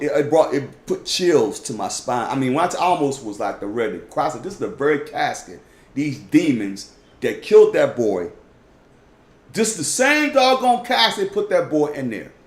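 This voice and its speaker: Man, informal Bible teacher, animated, emphatic, echoey room. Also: high-pitched. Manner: emphatic, repeats "y'all", swings from loud to hushed. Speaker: teacher leading a Bible study.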